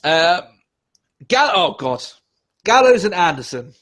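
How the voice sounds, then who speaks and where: A man's voice: sits high, very animated, takes it slowly, fairly bright tone. A man co-hosting a casual podcast, ranting with lots of swearing and sarcasm. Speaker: podcast co-host.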